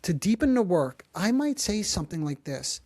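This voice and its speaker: Man with a gentle, measured voice. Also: high-pitched, very animated, dry recording. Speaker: psychotherapist podcast host. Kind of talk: calm explanatory talk.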